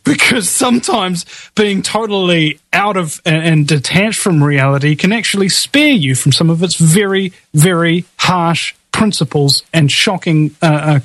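A man's voice: fairly high pitch, a bit bright, no room sound, rough recording. A man hosting a casual online show, rambling with many restarts. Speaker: show host.

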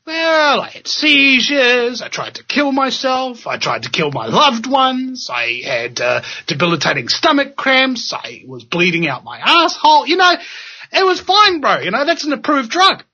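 Brief: a man playing a shrill, offhand male patient, mocking and sarcastic, raised pitch, husky tone. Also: wildly swooping pitch, a little slow, pushed and bright, exaggerated voice. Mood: mock-casual. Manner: blasé, sarcastic. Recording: dull lo-fi audio.

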